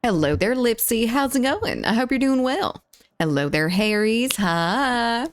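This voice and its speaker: A woman with a Southern US accent from the Deep South, chatting casually on a live stream, greeting viewers, reading chat aloud and giggling. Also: animated, a little slow. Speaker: livestreamer.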